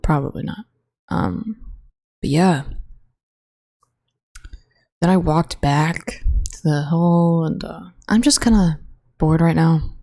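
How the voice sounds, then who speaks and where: Low, rambling college woman on a podcast. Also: mellow, no echo, studio quality. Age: young adult. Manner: rambling, swearing, with frequent fillers. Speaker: podcast host. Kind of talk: casual solo chat. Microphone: own podcast mic, close.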